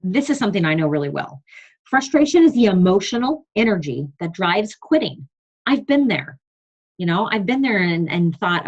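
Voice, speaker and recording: Earnest woman coach with a husky voice. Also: on the low side, sing-song, normal speed, muffled recording. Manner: earnest and emphatic, reading from notes. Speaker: fitness business coach leading a team call. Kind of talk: motivational team call talk.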